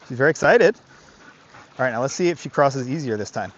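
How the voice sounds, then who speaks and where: A man's voice: medium pitch, expressive, a little fast, pauses often, dull audio. A man working as a dog trainer, explaining his methods in casual commentary outdoors by a creek, often asking rhetorical questions and adding "right?".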